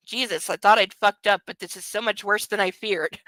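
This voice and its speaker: A woman's voice: medium pitch, a little fast, hardly any pauses, a bit bright, dry recording, poor audio. A woman hosting a book club, reading a novel aloud and breaking off with mocking, laughing commentary. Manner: mocking asides between read passages; laughs often.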